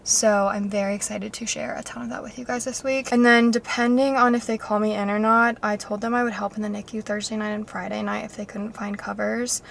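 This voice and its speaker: A woman's voice: medium pitch, level tone, brisk, gravelly, few pauses, a little hiss or hum. Chatty young woman rambling on her vlog. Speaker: vlogger. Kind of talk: casual vlog chat.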